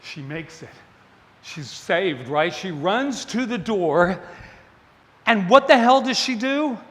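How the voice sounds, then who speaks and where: Male minister preaching, lively storytelling, fairly high voice, long hall reverb. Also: takes it slowly. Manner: animated, playful storytelling with laughs. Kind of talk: sermon. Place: spiritual center sanctuary.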